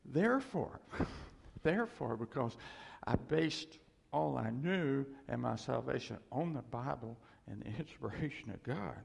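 A preacher delivers an informal, conversational sermon, rambling and often starting over. His medium-pitched voice is gravelly and breathy, expressive and unhurried. The recording carries a long hall reverb.

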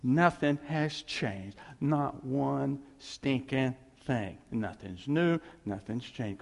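A man's voice: medium pitch, gravelly. A man preaching a sermon as a pastor, emphatic and repetitive, with chuckling asides. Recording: echoey hall reverb.

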